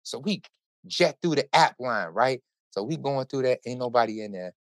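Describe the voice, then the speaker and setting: A man hosting a podcast, telling a story in casual chat with animated, profane, run-on delivery. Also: mid-range voice, normal speed, dry recording. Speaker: podcast host.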